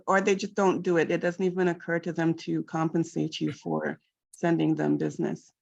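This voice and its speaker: A woman at a workshop works through her questions in a halting, inquisitive way. Her voice is on the low side for a woman, and the audio is dull and muffled. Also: little pitch movement, vocal fry, a little mellow. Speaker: workshop participant asking questions. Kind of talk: group discussion.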